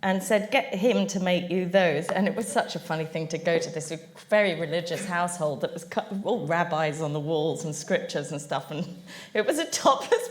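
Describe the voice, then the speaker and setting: A woman on a panel, telling anecdotes and laughing often as she talks. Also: fairly low pitch. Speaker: panel guest. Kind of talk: anecdotal storytelling on stage. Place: public venue.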